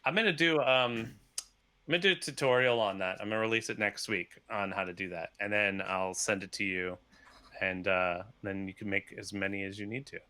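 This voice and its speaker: Guy on a video call, bright clear voice, dry close sound, laughs a lot and rambles fast. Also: fairly low pitch, no room sound. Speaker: podcast guest, software developer. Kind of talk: casual video-call chat.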